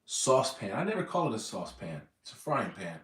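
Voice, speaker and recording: A man's voice: lowish voice, very animated, brisk, a bit bright. Rambling American man, roomy distant sound. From United States. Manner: rambling, self-correcting, repeats words. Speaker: vlogger. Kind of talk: casual livestream chat.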